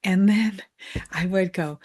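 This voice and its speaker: A woman money mindset coach giving a calm, soothing self-help training talk. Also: medium pitch. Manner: calm, slow, soothing guidance.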